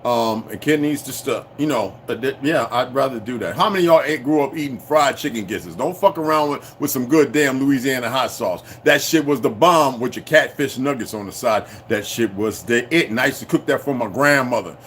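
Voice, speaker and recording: A man ranting to his viewers in a profane, confrontational way, swinging between shouting and low muttering. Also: brisk, hardly any pauses, slight background noise. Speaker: channel host. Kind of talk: unscripted rant to viewers.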